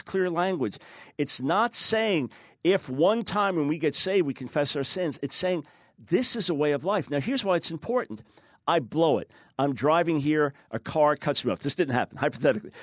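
An emphatic man talking through scripture in a lively discussion, his voice sitting a little high. The sound is dry and close, with no room around it. He drops into quoted voices to make his points. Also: no room sound. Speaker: guest author. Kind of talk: animated theological discussion.

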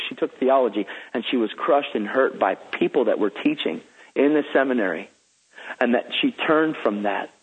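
A man's voice: medium pitch, breathy edge. Eager man preaching over a phone line. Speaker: guest minister. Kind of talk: enthusiastic storytelling.

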